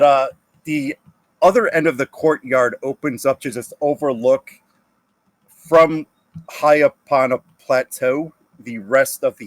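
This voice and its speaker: A man's voice: mid-range voice, dry recording. A man running a tabletop game as game master, describing scenes hesitantly with many fillers.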